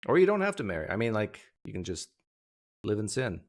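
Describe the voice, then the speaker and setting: A man's voice: fairly low pitch, big pitch swings. A man hosting a livestream, chatting casually with viewers and cracking rambling jokes. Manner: joking, rambling, quick asides. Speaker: livestream host.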